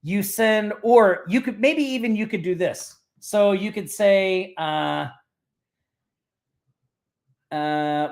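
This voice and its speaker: A man with a fairly high voice hosts a live online show. He talks in a loose, chatty way, reads example messages aloud and speaks straight to viewers by name. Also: slow pace, creaky, pauses often. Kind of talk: casual screen-share teaching.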